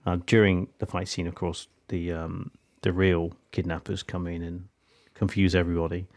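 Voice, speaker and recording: Deep-voiced enthusiastic podcast man. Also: little pitch movement, normal speed, a little mellow. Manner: enthusiastic, many fillers. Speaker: podcast co-host. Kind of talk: casual chat.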